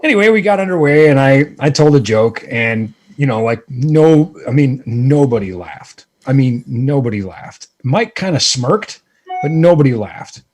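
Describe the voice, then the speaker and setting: A man guest telling a self-deprecating story in casual chat, animated and rambling with lots of fillers. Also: mid-range voice, normal speed. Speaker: guest, lighting presenter.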